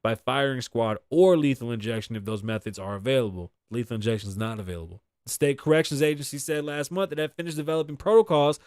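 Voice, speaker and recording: A man's voice: medium pitch, fast talker, few pauses, a little mellow, no room sound, studio quality. A man from Boston hosting a casual solo commentary show, reading news aloud and riffing on it bluntly with lots of profanity. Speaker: show host.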